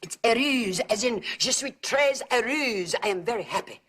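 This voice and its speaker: An actress playing a gossipy, nonstop-talking middle-aged aunt, in a sitcom. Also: female voice, on the high side, animated, moderate pace, fairly bright tone, husky. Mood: chatty. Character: gabby meddling Southern aunt, middle-aged woman. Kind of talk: sitcom acting. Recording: noisy TV broadcast audio.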